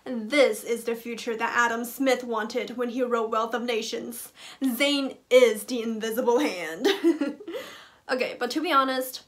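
A woman's voice: a little high, a bit bright. A woman hosting a casual reaction vlog who talks in a playful, joking, teasing way. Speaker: reaction video host.

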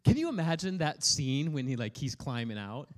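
A pastor preaching a sermon in an energetic, playful way, prodding the congregation to respond. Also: male voice, medium pitch, moderate pace. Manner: energetic, playful, prods the audience for feedback.

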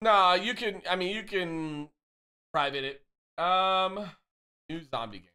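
A man's voice: high-pitched, slow, sharp tone, clear, resonant tone. A male streamer in casual chat with his viewers, joking, swearing and reading their messages aloud. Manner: loose, swearing, teasing banter with chat; reads chat messages aloud and answers them.

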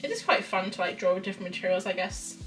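A woman's voice: mid-range voice, lively intonation, quick pace, a bit bright, recorded from a distance. A young woman chatting casually on a drawing livestream. She rambles and reads chat messages aloud. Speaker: art streamer. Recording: voice slightly off-mic with faint music.

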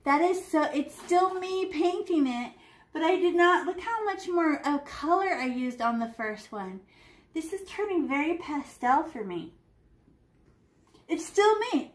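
A middle-aged woman leads a painting lesson for kids in a somewhat high, bouncy voice. She talks her way through every stroke in a chatty, playful way. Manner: chatty and playful, narrating each brushstroke. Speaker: art teacher. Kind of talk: live art lesson to children.

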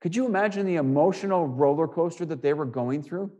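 On a muffled recording, a male preacher with a voice on the high side speaks briskly as he reads scripture and expounds on it. He uses rhetorical questions and repetition, alternating between loud and quiet.

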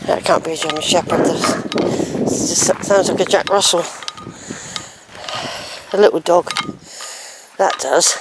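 A woman's voice: fairly low pitch, a little slow, pauses often. A woman narrating a walking vlog outdoors on a lane, chatting and musing aloud to herself. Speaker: hiking vlogger. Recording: noisy outdoor recording with dogs barking.

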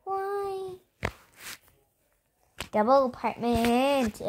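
A young girl hosting her own gaming channel, chatting excitedly and giggling to viewers as she plays. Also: sits high, extremely slow, pauses often, a little hiss or hum. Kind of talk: casual gameplay commentary.

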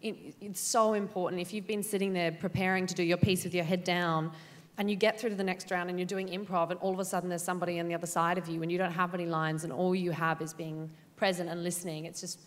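A young woman on a panel, chatting and telling animated stories in a large auditorium. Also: fairly low pitch, quick pace. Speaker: graduate on a panel. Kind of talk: panel discussion. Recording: long hall reverb.

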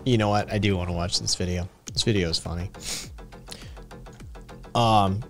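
A man's voice: low voice, fairly even intonation, moderate pace, faint music behind. A man with a northeast Tennessee accent chatting loosely and profanely on a livestream while reacting to a video. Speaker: streamer. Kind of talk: casual stream chat reacting to video.

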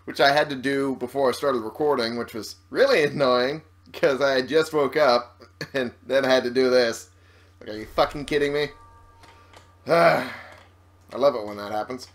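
A man's voice: mid-range voice, normal speed. A young man giving casual, rambling commentary while playing a video game, swearing and laughing often. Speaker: let's-play gamer. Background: game music.

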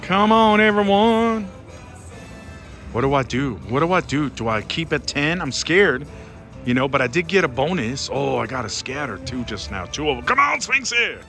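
A man giving excited running commentary on a slot machine as he plays, talking to his viewers and pleading with the machine, on a casino floor. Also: mid-range voice, moderate pace, vocal fry. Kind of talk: casual live commentary while gambling. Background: casino music.

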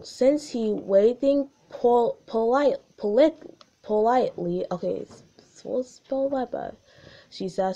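A woman's voice: medium pitch, a little mellow, highs cut off. A young woman reading aloud a story she wrote as a child, stumbling over words and adding her own comments. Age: young adult.

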